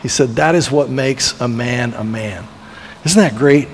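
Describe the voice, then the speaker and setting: A man's voice: medium pitch, measured pace, slight background noise. A man preaching a sermon as pastor, retelling a biblical story in a storytelling way and briefly acting out the voices of the people in it. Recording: long reverb of a large hall.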